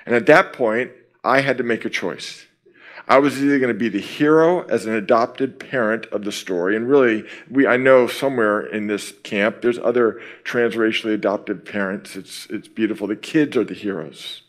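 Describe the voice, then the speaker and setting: A middle-aged man giving a sermon at a camp, opening in prayer and then telling a personal story with lively quoted dialogue. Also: fairly low pitch, moderate pace. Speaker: camp speaker.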